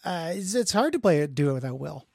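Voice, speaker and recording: A male podcast host talking in a loose, rambling way, often laughing at himself. His pitch swings widely as he talks, and the sound is dry and close with no room echo. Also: sing-song, fast talker, vocal fry. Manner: rambling, laughing, self-deprecating. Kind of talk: casual chat.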